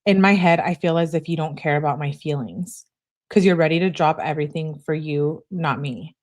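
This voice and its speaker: A woman's voice: low-pitched, normal speed, a little mellow. Chatty woman reading texts aloud on stream. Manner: reads messages aloud, interjects reactions to chat. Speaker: livestream host reading text messages. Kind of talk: casual livestream commentary.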